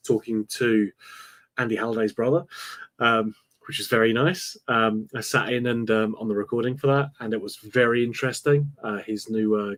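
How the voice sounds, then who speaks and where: A man's voice: medium pitch, fairly bright tone. A man co-hosting a football podcast, talking earnestly and with strong opinions. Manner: earnest, opinionated, frustrated about the manager. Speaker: podcast co-host. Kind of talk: casual football podcast chat.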